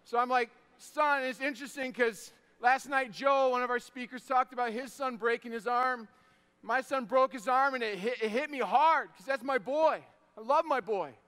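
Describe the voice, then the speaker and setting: A man in his thirties delivers an energetic sermon with an unusually high, bright and smooth voice. He tells stories with big swings, shouting the punchlines and going hushed when the moment turns tender. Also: normal speed. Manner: animated, shouts punchlines, drops to soft tones for emotional moments.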